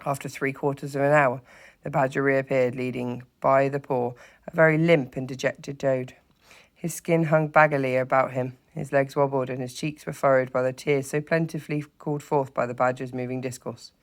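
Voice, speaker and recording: A teacher reading a children's story aloud in a steady, expressive narrating voice, with occasional slips. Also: mid-range voice, normal speed.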